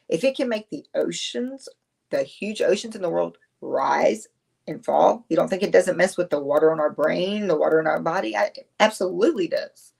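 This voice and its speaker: Gravelly-voiced woman chatting on a livestream. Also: fairly low pitch, darkish tone. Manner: chatty, rambling, quick to laugh. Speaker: livestream host. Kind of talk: casual livestream chat answering viewers.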